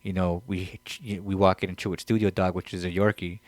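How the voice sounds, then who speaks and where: A man co-hosting a casual comedy podcast, rambling in slang, laughing often and breaking into high squeaky impressions. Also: flat delivery, a little fast. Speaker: podcast co-host.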